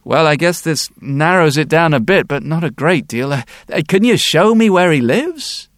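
A man voicing a kindly sculptor who speaks gently and keeps stumbling over his words. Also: fairly high pitch, lively intonation, dry recording, clean studio sound. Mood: puzzled. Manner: gentle, halting with ums and restarts. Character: kindly, hesitant middle-aged male sculptor. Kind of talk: storytelling.

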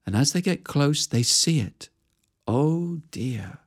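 Animated woman telling a fairy tale. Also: deep voice, slow. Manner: animated, conversational telling with asides. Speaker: storyteller. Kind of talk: oral fairy-tale storytelling.

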